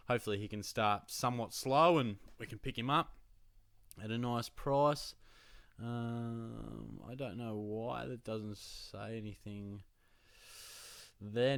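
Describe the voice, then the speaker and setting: A man's voice: mid-range voice, a bit bright, no echo, studio quality. A young adult man with an Australian accent, chatting casually as a fantasy football show host and telling stories full of slang. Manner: chatty storytelling with slang and laughs. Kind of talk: casual chat.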